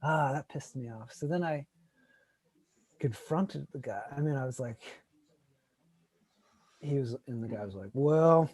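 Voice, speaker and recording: A man co-hosting a casual chat, telling a story animatedly and acting out other people's lines loudly. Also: mid-range voice, no echo. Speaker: co-host.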